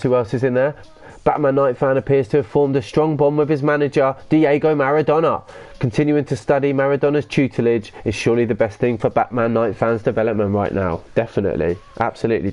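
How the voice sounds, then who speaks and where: A man hosting a live gaming stream, talking loosely and excitably as he plays. He reads out viewer comments and answers them in slangy banter, with the odd swear word thrown in. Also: mid-range voice, highs cut off.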